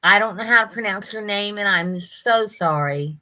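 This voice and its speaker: A woman's voice: medium pitch, normal speed, pushed and bright. An older woman hosting a casual live stream, chatting with viewers and greeting them by name, often laughing.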